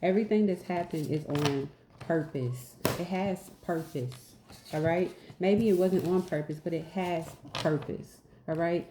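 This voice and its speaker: Woman, deep and warm, casual spiritual teacher, emphatic and repetitive, a bit goofy, roomy echo. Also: measured pace, noisy background. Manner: repetitive, emphatic, asks "right?"; goofy and laughing at herself.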